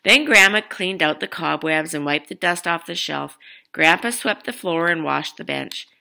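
A woman's voice: lowish voice, lively intonation, moderate pace, gravelly. A woman reading a picture book aloud to children, chatting to her young listeners between pages. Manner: warm asides to young listeners, light laughs. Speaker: storybook reader.

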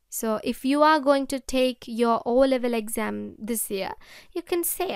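Sri Lankan-accented female English teacher; clear, smooth voice; repeats each example sentence. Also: a little high, no echo, studio quality. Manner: repeats example sentences slowly, addresses children directly. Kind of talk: slow, deliberate classroom explanation.

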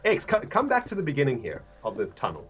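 A man's voice: a little high, wildly swooping pitch, fast talker, a crowd in the background. A man chatting casually on a livestream, laughing often and reading out donations.

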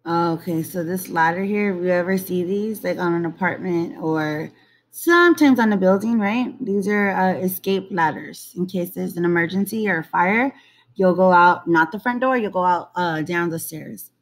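A woman teaching young children a lesson, slowly repeating each word to model its syllables. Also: lowish voice.

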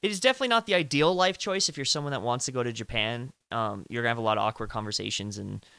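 A man's voice: very fast, gravelly, sharp tone, clean tone, no echo. A man in his twenties hosting a casual interview, talking earnestly and at length before turning to his guest's questions. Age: 20s. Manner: earnest and talkative, trailing off low. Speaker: host, interviewer. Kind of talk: casual video call chat.

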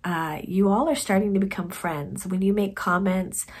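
A woman vlogger chatting casually about her knitting projects in a soft, conversational way that often trails off quietly. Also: mid-range voice, moderate pace, breathy edge. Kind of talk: casual chat to camera.

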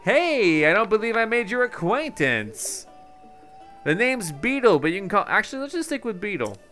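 A man's voice: big pitch swings, normal speed, pushed and bright, faint music behind, exaggerated voice. A man voicing a chatty male traveling bug merchant with a put-on accent, upbeat and salesy. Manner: salesy, upbeat, chuckling through the pitch.

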